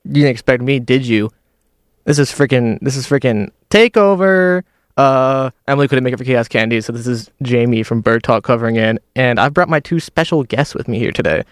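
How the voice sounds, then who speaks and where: A man's voice: mid-range voice, expressive, a little fast, clean tone, dry recording. A young man hosting a college radio show, chatting loosely and joking at his own expense into a studio mic. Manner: joking, loose, self-deprecating. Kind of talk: casual radio chat.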